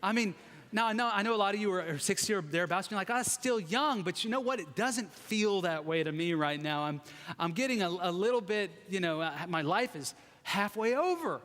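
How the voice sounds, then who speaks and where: A high-pitched man in his forties preaches in a loose, conversational way, teasing himself and the congregation. His voice rings with the long reverb of a large church sanctuary. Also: expressive, fairly quick, fairly bright tone. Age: 40s. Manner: chatty, self-deprecating, joking with the congregation. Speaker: guest preacher. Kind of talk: conversational sermon.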